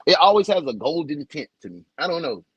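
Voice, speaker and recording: Animated, husky-voiced man hosting a livestream. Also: a little high, a little fast, no room sound, highs cut off. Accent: Southern US. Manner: loose, joking, slangy, greets viewers by name. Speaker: livestream host. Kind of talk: casual livestream chat.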